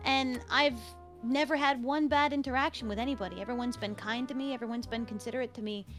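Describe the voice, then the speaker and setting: A young woman talking casually on a stream, telling stories with animated, acted-out reactions. Her voice sits high and sounds bright and crisp. Faint music plays in the background. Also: fast. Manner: animated storyteller, acts out her own reactions. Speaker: VTuber guest.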